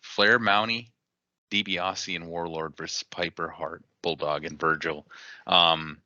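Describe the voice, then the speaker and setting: A man's voice: low voice, fairly even intonation, measured pace, pushed and bright, no echo. A man co-hosting a podcast in easygoing casual chat. He agrees readily and chuckles along. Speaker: podcast co-host. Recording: dull lo-fi sound.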